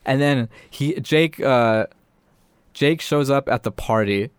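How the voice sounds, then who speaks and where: A young man recounts a show in loose, rambling chat. His voice is smooth and clear, recorded dry and close. Fillers pile up as he goes. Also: medium pitch, takes it slowly, no echo. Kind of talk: casual chat, retelling a show.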